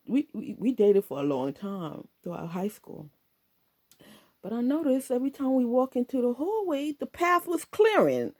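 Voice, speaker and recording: A middle-aged woman casually telling a personal story, laughing often and acting out her own past lines. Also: fairly high pitch. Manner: animated, laughing often, quoting herself.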